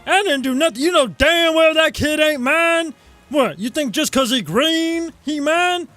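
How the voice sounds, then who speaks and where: A man's voice: very high voice, lively intonation, measured pace, dry recording, soft background music, pitched above the performer's own voice, exaggerated voice. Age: adult. Figure: a man voicing a brash deadbeat frog with a Southern drawl. Quality: lispy, throaty. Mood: defiant. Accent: American Southern, put on. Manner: loud, swaggering and indignant. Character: deadbeat male frog puppet, brash and defensive.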